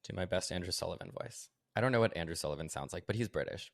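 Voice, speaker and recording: A man hosting a podcast, talking casually with a sarcastic, animated edge and lots of "like". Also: low voice, rapid-fire, gravelly, few pauses, no room sound, studio quality. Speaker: podcast host.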